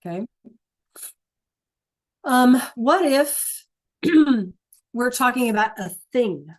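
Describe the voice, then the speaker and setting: A woman with a fairly high voice and lively intonation teaches a Spanish lesson in class. She explains patiently, often checks that students are following, and restates key points slowly.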